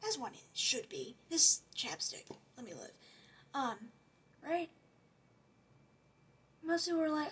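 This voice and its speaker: A woman's voice: sits high, sing-song, slow pace, long pauses, fairly bright tone. A woman giving a casual, rambling rant as a commentary vlogger, sarcastic and often dropping to a whisper.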